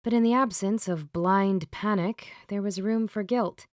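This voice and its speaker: A woman narrating an audiobook in an even, measured reading on a close microphone. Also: medium pitch, no echo. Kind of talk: scripted narration.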